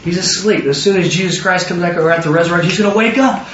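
A man preaching a sermon who acts out biblical figures in excited voices. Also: high voice, quick pace, few pauses, background noise. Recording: roomy, distant, dull lo-fi sound.

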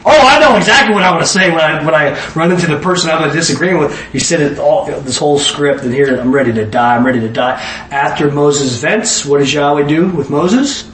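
A man's voice: a little high, fairly quick, few pauses, a bit bright, roomy sound. Male preacher, conversational teaching style, quizzes the room; distant mic, faint noise. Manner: conversational, asks the audience questions. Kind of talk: Bible study sermon.

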